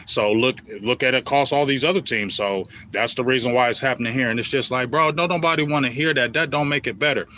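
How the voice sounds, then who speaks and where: A man's voice: mid-range voice, fast talker, few pauses, pushed and bright, slight background noise. A man hosting a sports show, ranting as a frustrated fan and talking straight at the team's front office. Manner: heated, repetitive, talks straight at the team bosses. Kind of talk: fan commentary rant.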